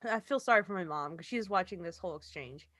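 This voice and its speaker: A woman's voice: medium pitch, sharp tone, slightly rough, no room sound, clean studio sound. A young adult woman co-hosting a podcast, telling a story in casual chat and acting out the quotes with lots of swearing. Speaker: podcast co-host.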